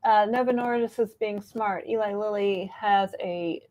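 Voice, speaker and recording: A woman co-hosting a casual livestream, animated and teasing. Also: medium pitch, a little slow, dull audio. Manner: animated, laughs easily, teasing. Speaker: co-host.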